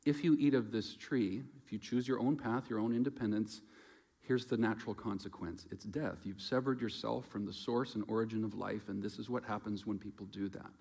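A preacher voicing God as a calm, loving male figure gravely explaining consequences. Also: fairly low pitch, brisk, voice pushed down.

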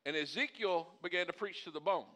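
A man preaching a sermon as pastor, animated and folksy, building to loud, impassioned peaks. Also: high voice, brisk. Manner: folksy and humorous asides.

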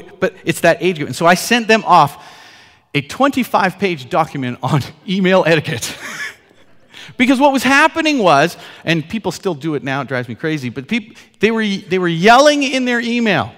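A man in his forties preaching a sermon as pastor, telling stories with laughs and swinging from loud to soft. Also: medium pitch. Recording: long hall reverb.

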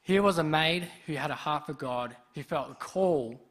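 A man preaching a sermon, telling a story in a lively way and acting out the people in it. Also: fairly high pitch, moderate pace, a little hiss or hum. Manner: lively storyteller who acts out quoted speech.

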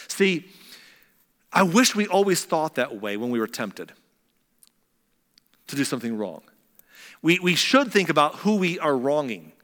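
Bright-voiced man preaching in a reverberant hall. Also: a little high, expressive, moderate pace. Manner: conversational, joking asides to a laughing congregation. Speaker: pastor. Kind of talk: sermon.

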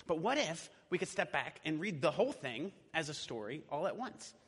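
A man's voice: on the high side, big pitch swings, normal speed, fairly bright tone, husky. A man preaching a sermon in a church in a conversational way, with casual fillers. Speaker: pastor. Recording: echoey hall.

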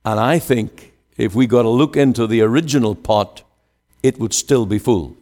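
A male preacher delivering a sermon, swinging from emphatic rising questions to hushed pleading and quoting scripture in old wording. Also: medium pitch, moderate pace. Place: church. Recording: long hall reverb.

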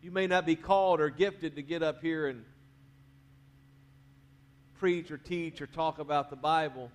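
Male pastor, fairly high voice, casual sermon delivery, quiet phrase endings with bursts of urging. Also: fairly even intonation, unhurried. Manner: conversational preaching, drops to quiet endings, rises to urge the crowd. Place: church sanctuary.

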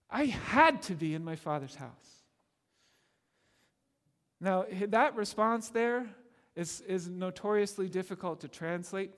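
A man preaching a sermon in a conversational, animated way, often laughing and acting out the people in the story. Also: high voice, unhurried, in a large hall. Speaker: pastor.

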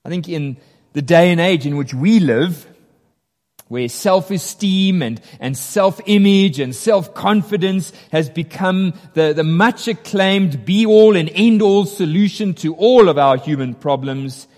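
A man's voice: high-pitched, unhurried, darkish tone, big-room sound. A man preaching a sermon, earnest and emphatic, his intensity rising as he drives home each point.

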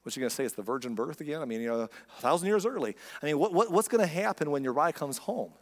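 Conversational preacher in a reverberant hall. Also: male voice, fairly high pitch, lively intonation, quick pace. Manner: conversational, emphatic, asks rhetorical questions. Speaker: pastor. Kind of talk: sermon.

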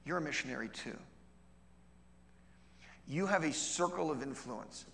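Slightly high, gravelly-voiced man teaching in a hall. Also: unhurried, a little hiss or hum. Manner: conversational, checks in with frequent "okay?"; acts out dialogue with lively shifts in voice. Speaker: missionary teacher. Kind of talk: teaching session on outreach. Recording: long reverb of a large hall.

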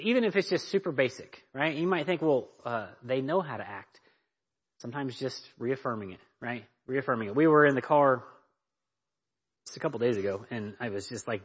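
A man's voice: medium pitch, slightly rough. A man teaching a church parenting class, speaking emphatically and often checking in with his listeners. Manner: emphatic, checks in with "right?" and "okay?". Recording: dull lo-fi recording.

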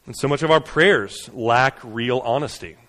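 A man preaching a sermon in a conversational way. He uses frequent "right?" and "you know" asides, builds to fast, urgent runs, then drops soft and slow. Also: mid-range voice, big-room sound. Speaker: pastor.

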